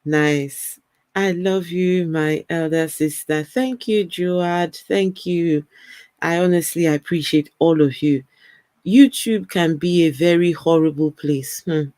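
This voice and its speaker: Speaking slowly in a fairly low, mellow voice, this livestream host chats casually with viewers and reads their comments. She's a woman from Africa whose accent blends African and British, and she's talkative, repeating words and laughing a lot. The recording has no room sound.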